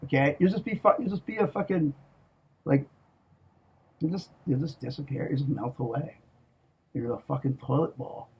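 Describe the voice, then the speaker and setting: A man with a somewhat high, husky voice rants in a profane, menacing monologue. He talks slowly and emphatically, leaning on his words and tagging his threats with a questioning "okay?". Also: highs cut off. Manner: profane and menacing, with heavy swearing; slow, emphatic, repeats "okay?". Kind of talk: ranting monologue.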